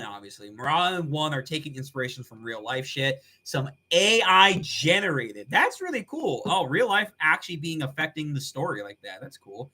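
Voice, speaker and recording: A man's voice: on the high side, sharp tone. A man reacting live on stream, talking in a casual, slangy way with frequent swearing and laughter.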